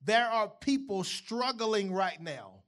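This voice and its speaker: A man's voice: high-pitched, expressive, slow, a bit bright. A man preaching a sermon in a church, conversational, often checking in with the congregation. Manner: conversational, asks the congregation questions. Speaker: pastor.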